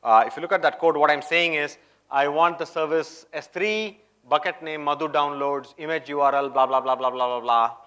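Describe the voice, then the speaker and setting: A man's voice: fairly high pitch, fairly even intonation, normal speed, a bit bright, clean tone. Chatty man giving a live tech demo. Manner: chatty, keeps checking in with the audience. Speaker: tech conference presenter. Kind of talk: live coding demo talk. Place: conference hall.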